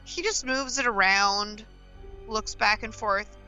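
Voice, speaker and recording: A woman's voice: mid-range voice, slow pace, bright, forceful tone, soft background music, low-quality recording. A woman guesting on a casual podcast, recapping TV scenes with wry jokes and playful quoted voices.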